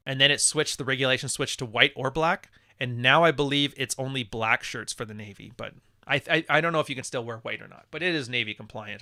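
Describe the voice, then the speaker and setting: A man's voice: mid-range voice, pushed and bright, no echo, clean studio sound. A man hosting a live podcast, reading chat messages and talking in a blunt, profane, wisecracking way. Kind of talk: casual livestream monologue.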